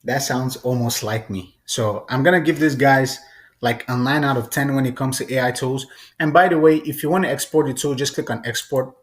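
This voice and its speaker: A man hosting a casual, chatty software tutorial. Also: medium pitch, a little fast. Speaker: tutorial host.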